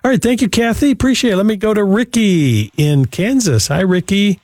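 A man's voice: high-pitched, animated, normal speed, darkish tone, no echo, studio quality. A man hosting a Christian call-in radio show, talking in an earnest, preacherly way and often repeating a word as he starts a thought. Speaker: radio talk show host.

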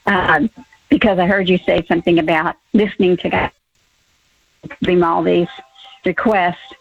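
A woman's voice: lowish voice, gravelly, no echo. Older woman, hesitant caller, phone-line sound, dry. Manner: hesitant, with many pauses and fillers. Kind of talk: telling a personal faith story on a call-in show.

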